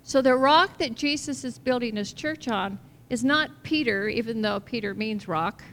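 Her fairly high, fairly bright voice moves at a moderate pace as this woman pastor gives a sermon in a church sanctuary. She talks with her congregation conversationally, asking questions along the way. There's faint noise in the echoing hall, and the volume falls off in the middle.

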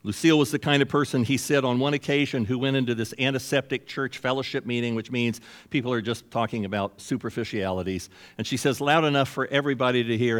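A pastor in his sixties preaching a sermon. He talks conversationally and moves easily into acted-out exchanges. His voice sits at a medium pitch for a man. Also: fairly quick, in a large hall. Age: 60s.

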